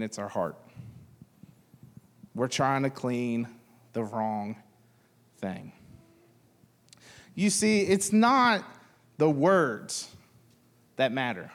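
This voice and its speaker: A man's voice: on the high side, long reverb tail. A man in his thirties preaching a sermon, talking casually and joking with the congregation. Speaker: pastor.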